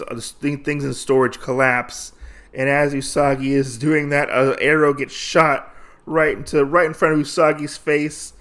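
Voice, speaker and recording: Man, podcast host, casual comic recap, rambling, gravelly, middle pitch. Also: fairly bright tone. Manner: rambling, many fillers.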